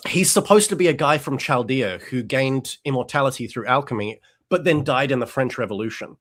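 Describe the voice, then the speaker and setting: In a mid-range voice and at a fairly quick clip, a man hosting a podcast chats casually and animatedly, putting on little voices for the characters he quotes and making frequent restarts.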